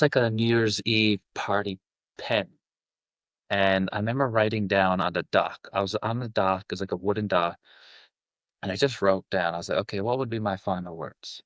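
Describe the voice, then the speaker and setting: A man, a guest coach, telling a deeply personal story, halting and full of restarts and fillers. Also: a bit bright, dry recording. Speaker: self-love coach, guest.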